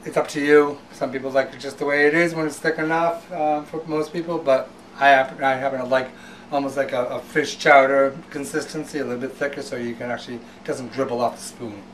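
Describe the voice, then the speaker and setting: A man's voice: medium pitch, steady tone, fairly quick, a bit bright, distant mic, slight background noise, poor audio. A man hosting a home cooking show, talking casually with fillers and restarts.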